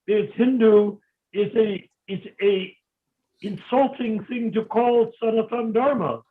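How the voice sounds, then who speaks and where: Insistent male debater, higher register, heard over a thin phone-quality video call line. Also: a little slow. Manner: insistent, interrupting, lecturing. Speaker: discussion participant. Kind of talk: heated philosophical debate.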